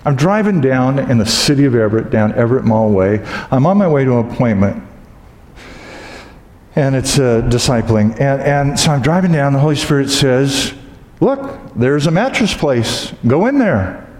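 Joking preacher in an echoey hall. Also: male voice, mid-range voice, lively intonation, moderate pace, darkish tone. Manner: humorous storytelling, acts out exclamations. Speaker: pastor. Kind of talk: sermon. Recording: echoey hall with long reverb.

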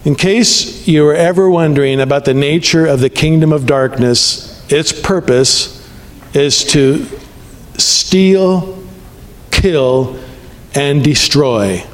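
A man's voice: a little high, steady tone, a little slow, in a large hall. A man preaching a sermon as a pastor, talking in a conversational way and checking in with the congregation often.

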